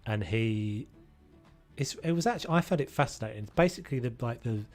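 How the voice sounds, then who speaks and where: A man's voice: medium pitch, expressive, a little fast, soft background music. A man chatting casually to his viewers as he plays, rambling from one thought to the next. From United Kingdom. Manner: rambling and chatty, talking to chat while he plays. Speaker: streamer. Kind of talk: casual gaming livestream commentary.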